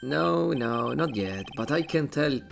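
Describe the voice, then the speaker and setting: A man's voice: mid-range voice, expressive, slow, gravelly, full character voice. A man voicing a bumbling, lovesick young man who rambles and whines, with game music behind. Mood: whiny.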